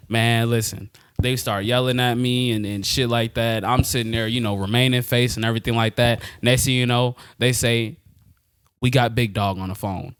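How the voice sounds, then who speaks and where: A young man on a podcast, casually telling a story in slangy, animated talk and laughing often. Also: mid-range voice, normal speed, clear, resonant tone, no room sound, studio quality. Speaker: podcast co-host.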